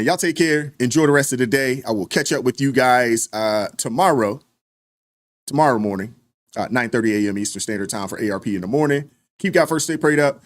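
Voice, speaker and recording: Man, livestream host, casual, sarcastic, mid-pitched, dry close sound. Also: dry recording. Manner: laid-back and joking, laughs often, mock-outraged sarcasm. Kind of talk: casual livestream chat reading super chats.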